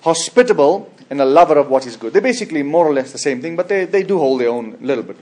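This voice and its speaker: Male pastor, somewhat high-pitched, preaching emphatically; swings between loud high peaks and quiet trailing ends. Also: animated, quick pace. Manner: frequent restarts and repeated words. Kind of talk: expository sermon.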